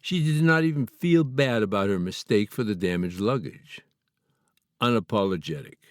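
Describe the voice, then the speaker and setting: A man from Canada reading his own memoir aloud in a measured, earnest, slightly formal way. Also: on the low side, animated, no echo, studio quality. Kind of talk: memoir audiobook narration.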